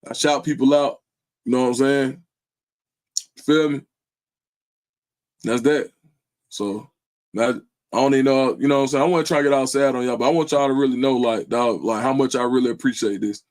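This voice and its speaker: Guy hosting his stream, middle pitch voice, earnest and loose, lotta slang fillers. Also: a little mellow. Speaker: livestream host. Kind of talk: casual heartfelt livestream talk.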